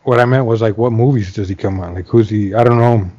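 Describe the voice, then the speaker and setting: A man's voice: fairly low pitch, fast, warm tone, breathy edge, no echo. A man chatting casually as a podcast co-host, easygoing and a bit unsure, trailing off. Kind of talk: casual chat. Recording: dull, lo-fi mic.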